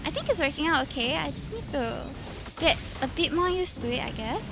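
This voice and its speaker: A woman's voice: high voice, animated, fairly quick, noisy background. A young woman with a Singaporean accent, chatting casually and giggling on her live stream, sprinkling in Singlish particles. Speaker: VTuber streamer.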